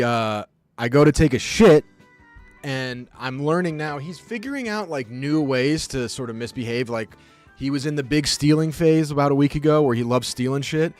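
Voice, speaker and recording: A man telling a casual story on his live stream, animated, profane and rambling. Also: mid-range voice.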